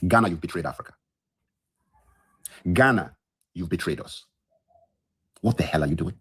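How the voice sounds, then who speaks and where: A man's voice: sits low, expressive, moderate pace, a bit bright, husky. A man hosting a podcast, ranting heatedly into his phone from his bedroom, just woken up, indignant and emphatic and repeating lines for effect. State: just woke up. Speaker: podcast host. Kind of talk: heated solo livestream rant.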